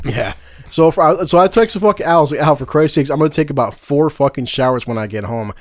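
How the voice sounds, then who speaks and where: A man's voice: on the high side, a little fast, no echo, clean studio sound. A man on a podcast telling a crude story with lots of swearing, breaking into laughs and acting out quotes. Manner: heavy swearing, laughs mid-sentence, acts out quotes. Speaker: podcast co-host.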